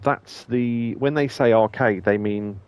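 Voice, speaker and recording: A man streaming a game and chatting casually, rambling with many pauses and reading game lines aloud in playful voices. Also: mid-range voice, a little mellow, clean tone, no echo. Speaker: let's play streamer. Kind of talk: casual gameplay commentary.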